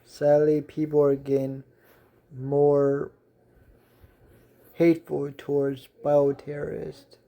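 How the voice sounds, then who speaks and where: A man's voice: a little high, completely flat delivery, slow, gravelly, pauses often, muffled recording. A man voicing a polite, formal male butler and chauffeur in a read-aloud fan story, with courteous, formal phrasing in a near-everyday voice.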